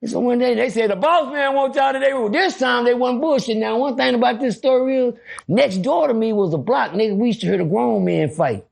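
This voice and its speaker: A man telling a story on a podcast in a casual, animated way, acting out voices and throwing in profane asides. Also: very high-pitched, a little fast, vocal fry.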